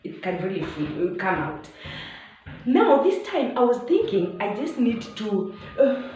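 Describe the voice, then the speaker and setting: A Kenyan woman in her thirties, a vlogger telling a personal story in an animated way, acting out shouts and dropping to hushed asides, with Swahili words mixed in. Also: mid-range voice, a little slow. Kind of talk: storytelling vlog. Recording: very echoey room, faint background noise.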